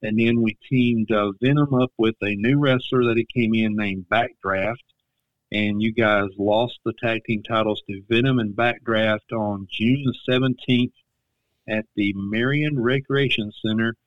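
A low-voiced man hosting a casual podcast, recalling old dates and names with plenty of hesitant fillers. His audio sounds slightly dull and lo-fi, with a dry, close sound. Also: fairly even intonation, unhurried, no room sound. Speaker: podcast host. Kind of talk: casual interview chat.

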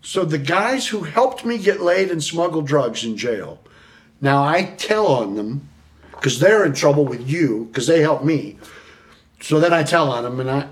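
Profane, animated male storyteller. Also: fairly high pitch, measured pace. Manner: profane animated storyteller, acts out quotes, laughs often. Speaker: podcast guest. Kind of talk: storytelling interview.

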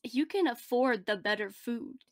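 A young woman in casual podcast chat, reacting with quick quips. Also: a little high, expressive, a crowd in the background. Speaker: podcast co-host.

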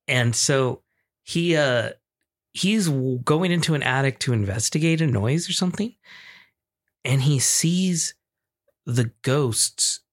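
A young man co-hosting a casual podcast, telling a story in a loose, swearing, animated way and acting out the people in it. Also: medium pitch, slow, long pauses. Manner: animated, swearing, acts out screams and quotes. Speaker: podcast co-host.

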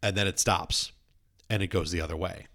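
A man's voice: low voice, steady tone, a little fast, pushed and bright. A young man, casually telling stories and filling his talk with "like". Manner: storytelling, heavy use of "like". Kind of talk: casual chat.

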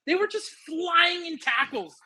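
A man who works in soccer, chatting casually on a podcast in an animated way, laughing often. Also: very high voice, a little slow, poor audio. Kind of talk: casual sports chat.

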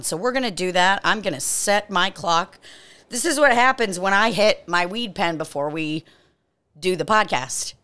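A woman's voice: mid-range voice, fairly bright tone. A woman co-hosting a comedy podcast, chatting casually, laughing often and turning mock-soothing when she leads a breathing break. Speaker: podcast co-host. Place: hot indoor studio room.

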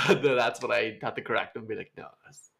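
A man's voice: mid-range voice, brisk, vocal fry, sharp tone. A young man, co-hosting a podcast, telling anecdotes casually, swearing and laughing at his own stories. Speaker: podcast co-host. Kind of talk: casual storytelling chat.

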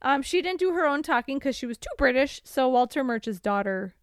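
A woman co-hosting a casual podcast, recapping a movie and acting out the characters in quick voices. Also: sits high, lively intonation, clear, resonant tone, dry recording, studio quality. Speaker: podcast co-host.

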